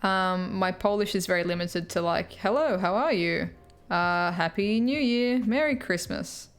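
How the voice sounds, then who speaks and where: A woman's voice: medium pitch, unhurried, smooth, soft background music. Chatty Australian woman streamer. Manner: chatty, answers viewer comments, laughs often. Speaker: live streamer. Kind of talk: casual live-stream chat. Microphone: headphones with mic.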